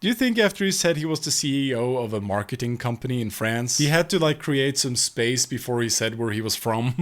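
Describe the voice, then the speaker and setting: A man's voice: mid-range voice, expressive, a little fast, over music. A young man doing comedic video commentary, joking and sarcastic, often laughing. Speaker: commentary YouTuber.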